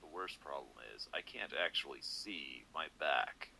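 A man with a damaged, hoarse voice, casually reading requested lines for his vlog and apologizing when he stumbles. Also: animated, measured pace, bright, forceful tone, a little hiss or hum, rough recording. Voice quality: deep and gravelly. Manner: apologetic, stops to clear his throat. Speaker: channel host.

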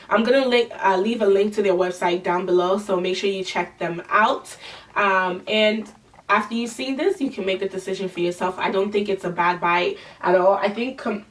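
A woman's voice: mid-range voice, recorded from a distance. Nasal young woman vlogging a makeup review, talks a bit away from the mic, gushy and full of ums. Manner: chatty, gushing, with frequent fillers and restarts. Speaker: beauty vlogger.

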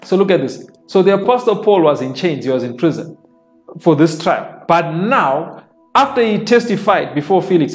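A man's voice: fairly high pitch, lively intonation, moderate pace. A man preaching a sermon, reading scripture aloud and explaining it plainly, repeating phrases for emphasis. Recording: soft worship music underneath.

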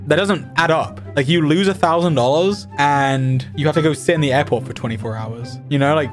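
Young man, slightly high voice, casual storytime, rambling, indignant and amused, faint music behind. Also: fairly quick. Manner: rambling, with frequent "like" fillers. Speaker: streamer. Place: home streaming setup.

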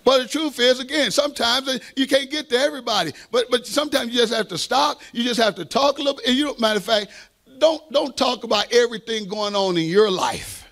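A man's voice: very high-pitched, brisk, gravelly, a bit bright. A man pastor preaching a sermon with fervent delivery, call-and-response asides and playful self-deprecating humor.

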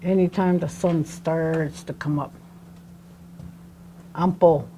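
A middle-aged woman leads a classroom lesson at a slow, deliberate pace. Her voice sits on the low side for a woman. She repeats each word patiently so her students can follow. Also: warm tone, a little hiss or hum. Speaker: language teacher.

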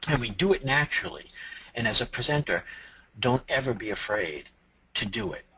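A man from Massachusetts giving a conference talk as a presentation trainer, animated and strongly inflected. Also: medium pitch, husky, rough recording.

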